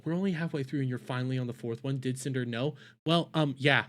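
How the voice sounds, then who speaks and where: A young man hosting a reaction commentary at home, ranting in exasperation, swearing, repeating himself and breaking into loud outbursts. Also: mid-range voice, fast talker, hardly any pauses. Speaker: reaction channel host. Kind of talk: exasperated commentary over a video. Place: home at night.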